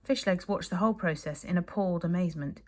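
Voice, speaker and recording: A woman from the UK, a primary school teacher, reading a children's book aloud to her class in a lively, expressive way. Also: lowish voice, quick pace. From United Kingdom.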